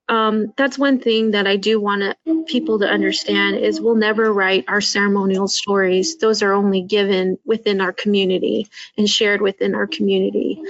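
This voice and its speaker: A woman's voice: medium pitch, dry recording. Earnest woman panelist, dull dry audio. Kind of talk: panel discussion.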